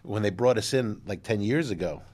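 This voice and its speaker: A man, a restaurateur telling animated stories in a casual interview, with many restarts and "you know"s. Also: on the low side, normal speed, husky. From Manhattan, New York. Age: 60s. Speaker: guest, restaurateur.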